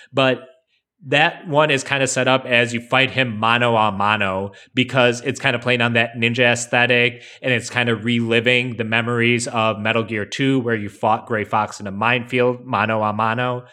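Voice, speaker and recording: A man's voice: medium pitch, moderate pace. A man co-hosting a podcast, talking casually and analytically with plenty of fillers. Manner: relaxed, explanatory, many fillers. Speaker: podcast co-host.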